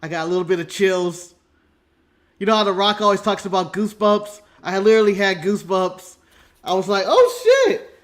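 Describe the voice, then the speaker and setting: An American man co-hosts a casual podcast, telling animated stories and laughing often. His voice sits high and has a bright, forceful edge. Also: brisk. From United States. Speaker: podcast co-host. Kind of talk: casual wrestling recap chat.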